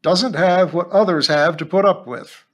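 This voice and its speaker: A man doing a loud, grumbling old cleaning woman. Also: sits high, measured pace, voice pushed up. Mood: barbed. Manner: heavy, barbed, loud complaining. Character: grumbling, resentful older woman school cleaner.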